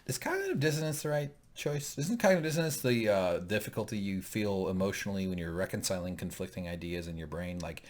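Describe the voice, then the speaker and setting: A man's voice: deep voice, expressive, quick pace, hardly any pauses, a little mellow. A man co-hosting a casual recap chat, joking and rambling into asides. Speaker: co-host.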